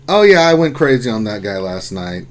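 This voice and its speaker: A man hosting a casual lunchtime live stream, chatting loosely and reading out viewers' names and messages, often trailing off into quieter asides. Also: mid-range voice, gravelly, slight background noise.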